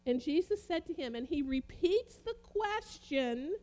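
High-voiced woman preaching emphatically. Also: animated, warm tone. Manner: emphatic, rising and falling, dramatic pauses. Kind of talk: sermon, reading and comparing Bible translations.

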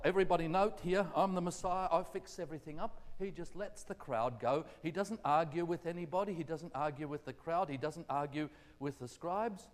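A man preaching a gentle, conversational sermon full of rhetorical questions. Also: mid-range voice. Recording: echoey hall reverb.

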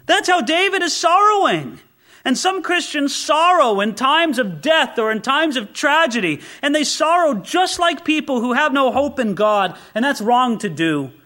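A man preaching an expository sermon, moving between loud, impassioned exclamation and quiet, intense passages. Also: very high voice, big pitch swings, unhurried.

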